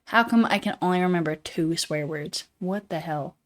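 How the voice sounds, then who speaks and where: A young woman with a soft, childlike voice, a little sick, chatting casually on a stream, reading chat and swearing offhandedly. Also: lowish voice, moderate pace. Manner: reads chat aloud, swears casually, sings snatches.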